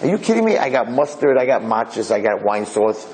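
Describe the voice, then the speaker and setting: A man voicing an excitable herring-shop worker who gushes breathlessly about his trade. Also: mid-range voice, brisk, natural voice, poor audio. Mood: excited.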